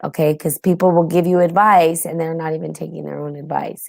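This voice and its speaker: A woman with a low, creaky, slightly mellow voice talks briskly with little pitch movement as host of a casual spiritual podcast before a live audience. Tired and yawning, she chats with many ums and laughs often. It's studio quality with no echo.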